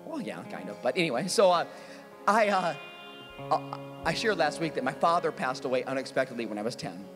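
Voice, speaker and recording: A middle-aged man, a pastor, preaching a sermon as he tells a personal story, animated and self-mocking, acting out his younger self in high squeals. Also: fairly quick, music in the background. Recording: long reverb of a large hall.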